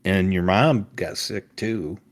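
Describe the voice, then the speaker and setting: An older man talks in a very low, deep voice. He rambles through casual family chat, circling back with fillers and restarts. He is a father co-hosting a podcast with his son. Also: slow. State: recovering from a summer cold.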